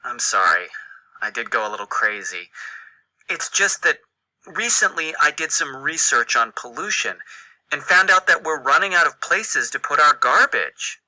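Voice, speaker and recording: A man reading a scripted classroom dialogue with expressive, exaggerated surprise. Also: on the high side, moderate pace, exaggerated voice, low-quality recording. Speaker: actor in a textbook dialogue.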